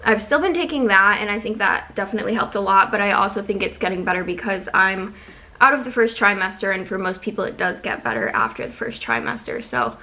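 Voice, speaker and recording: A young woman chatting casually at home in a vlog, talking quickly with lots of ums and sounding a little out of breath. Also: medium pitch, animated, bright, forceful tone, low-quality recording. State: slightly out of breath. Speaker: vlogger. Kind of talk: casual pregnancy update vlog.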